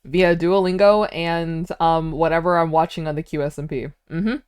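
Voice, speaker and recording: A young adult woman, a native Vietnamese speaker with an American accent, chats casually as a streamer, answering viewer chat while giggling and using filler words. Her low, slightly mellow voice has a clean tone and fairly even intonation at a normal speed. The recording is studio quality, with no room sound.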